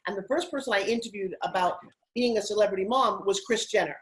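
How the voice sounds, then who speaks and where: A middle-aged woman, a TV host and spokesperson, telling animated stories as an interview guest. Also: mid-range voice, low-quality recording. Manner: animated, rapid anecdotal telling. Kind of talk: casual interview storytelling.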